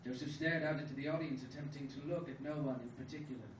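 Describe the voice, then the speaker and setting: Deadpan young man reading in a café. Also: fairly high pitch, quick pace. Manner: deadpan, dryly absurd delivery. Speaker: student reader. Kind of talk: reading his own comic short story at an open mic. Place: coffee house. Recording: echoey room from far off, dull and noisy. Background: café room ambience.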